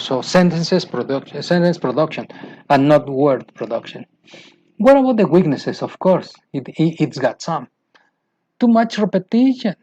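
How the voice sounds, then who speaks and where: A man's voice: mid-range voice, a little mellow. A man with a Mexican Spanish accent, a native Spanish speaker, lecturing teachers in English, restarting phrases and asking rhetorical questions. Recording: dull lo-fi sound.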